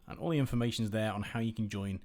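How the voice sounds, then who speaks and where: A man's voice: on the low side, fast talker. Chatty man calling a sim race. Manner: chatty and laid-back, rising to excited play-by-play. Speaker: race commentator and stream host. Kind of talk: live sim racing commentary.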